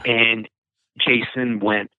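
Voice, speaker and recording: Speaking very slowly in a flat, mid-range voice, a man who founded a nonprofit tells stories during an interview. His conversational storytelling rambles, full of fillers and restarts. The audio comes over a dry, tinny phone line with no room sound.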